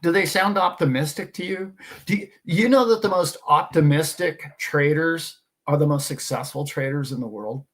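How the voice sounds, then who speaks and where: A man's voice: fairly high pitch, normal speed. Emphatic man preaching optimism. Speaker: host. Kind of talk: casual monologue.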